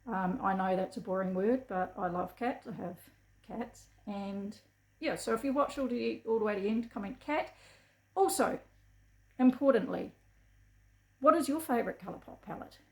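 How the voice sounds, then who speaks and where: A woman's voice: medium pitch, a little fast. Gushing middle-aged New Zealand woman, roomy. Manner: chatty, gushing and enthusiastic. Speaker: beauty vlogger. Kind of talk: casual chat to camera. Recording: echoey room.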